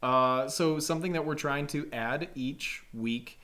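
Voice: medium pitch, measured pace, a bit bright. A host of a camp podcast chatting casually, rambling and joking, with many ums and uhs. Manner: rambling, jokey, many fillers. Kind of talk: casual chat.

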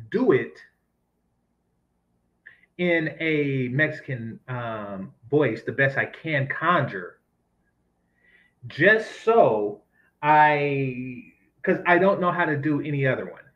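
A man's voice: fairly high pitch, highs cut off. A man ranting in sarcastic, profane commentary as he reacts to news clips. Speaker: commentary host.

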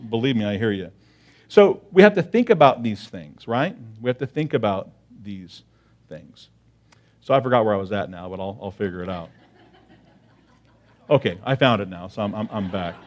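A man preaching a sermon to his congregation in a conversational way, often checking in with "right?" and repeating key phrases for emphasis. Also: medium pitch. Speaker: pastor.

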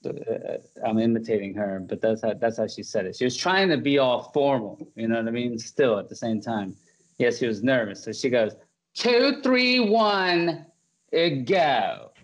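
A man's voice: lowish voice, moderate pace, poor audio. A man hosting a podcast in casual chat, rambling, laughing often and full of fillers and restarts. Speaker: podcast host.

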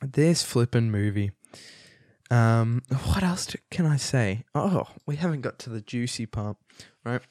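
A man's voice: mid-range voice, lively intonation, measured pace, a little mellow, no room sound, studio quality. Rambling young man reviewing a film. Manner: rambling, loose and amused, many fillers and restarts. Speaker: movie reviewer. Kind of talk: casual spoken film review.

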